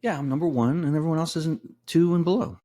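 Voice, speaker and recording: A man's voice: on the high side, fast talker, dark tone. A man hosting a casual podcast, brash and profane, rattling off long lists and ribbing his co-hosts. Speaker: podcast host.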